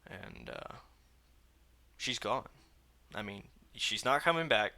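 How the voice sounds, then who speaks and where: A man's voice: medium pitch, lively intonation, takes it slowly, sharp tone. A young man hosting a reaction video, talking casually in an agitated, blunt way and repeating himself.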